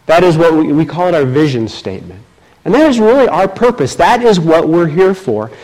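A man preaching a sermon as pastor, reading scripture aloud with emphatic delivery. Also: poor audio. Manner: slow, emphatic preaching with lively swings in pitch.

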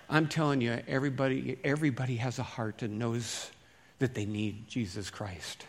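A folksy male pastor preaches a sermon in an easygoing, chatty manner at normal speed. His ordinary middle-pitched voice has lively intonation, swinging from loud, emphatic bursts to hushed asides.

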